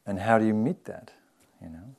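A man, a meditation teacher, giving an informal dharma talk in a relaxed, chatty way, often saying "you know" and laughing softly. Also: on the low side, moderate pace, creaky, slightly rough.

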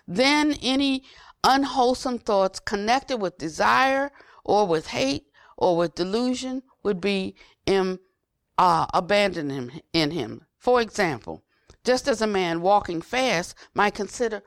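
An older woman giving an unhurried Buddhist dharma talk, repeating phrases for emphasis and trailing to a near whisper at phrase ends. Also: a little high, animated, dry recording, studio quality. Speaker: Buddhist teacher.

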